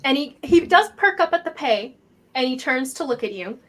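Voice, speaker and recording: A woman's voice: sits high, lively intonation, normal speed, fairly bright tone. A woman narrating as game master, describing scenes with many fillers.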